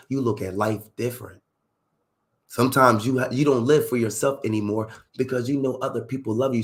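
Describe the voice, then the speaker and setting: A man's voice: mid-range voice, a bit bright. A middle-aged man in a candid storytelling talk, emphatic and profane, full of street slang and asking "you see what I'm saying".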